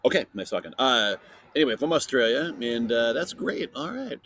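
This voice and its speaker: A man's voice: mid-range voice, very animated, moderate pace, fairly bright tone. Playful chatty man hosting a podcast. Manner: playful, mock-interviewing a silent spider guest; chatty with many fillers. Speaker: podcast host. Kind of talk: casual kids' science podcast.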